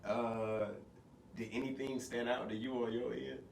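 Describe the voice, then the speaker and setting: A man hosting a casual podcast chat, slightly hoarse, talking in a laid-back way. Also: medium pitch, level tone. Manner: laid-back, swearing, drawn-out greetings. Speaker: podcast host. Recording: roomy, distant mic with faint noise.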